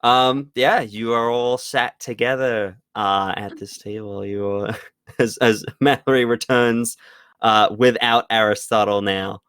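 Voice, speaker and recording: A man running a tabletop game as game master, narrating in a relaxed way with plenty of ums. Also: medium pitch, measured pace, clear, resonant tone, no echo, clean studio sound. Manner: relaxed, filler-heavy narration.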